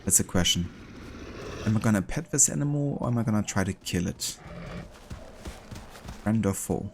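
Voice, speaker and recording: A man with a German accent chatting casually with viewers while he plays, relaxed and talkative. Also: fairly low pitch, normal speed, a little hiss or hum. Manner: relaxed and chatty, with easy laughs. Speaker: streamer. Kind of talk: casual gameplay chat with viewers.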